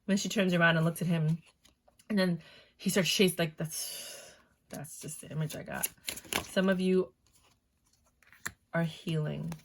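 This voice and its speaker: A woman reads tarot cards for her viewers in a relaxed, chatty voice with plenty of swearing. Her tone sits low and has a gravelly, fry-heavy grain. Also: a little slow, long pauses, a little hiss or hum. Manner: chatty and loose, swears freely. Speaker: tarot reader. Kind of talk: casual tarot reading.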